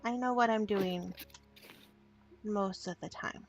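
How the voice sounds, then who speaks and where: A woman's voice: medium pitch, slow, soft background music. A woman voicing an earnest young woman who looks after her little brother, speaking sincerely and a bit pleadingly in a role-play.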